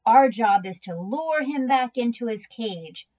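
A flustered, pleading storybook dad, a middle-aged school principal, as a woman reads his lines. He talks in a bright, raised voice, coaxing one moment and firm the next. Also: a little high, lively intonation, unhurried. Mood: hushed coaxing.

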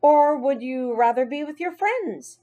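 A kindly grown man in a children's storybook, as a woman reader puts him on. He talks in a coaxing, gently firm way, with a lively lilt. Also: high-pitched, unhurried, muffled recording, pitched above the performer's own voice.

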